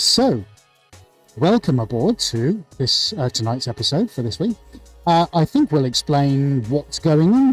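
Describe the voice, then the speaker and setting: A man hosting a live art stream from his studio, chirpy and jokey, with music playing behind. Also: on the high side.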